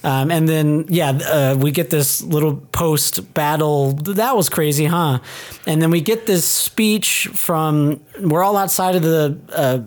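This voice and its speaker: A man co-hosting a casual movie review podcast, chatting in a relaxed, laid-back way. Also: a little high, unhurried, few pauses. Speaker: podcast co-host.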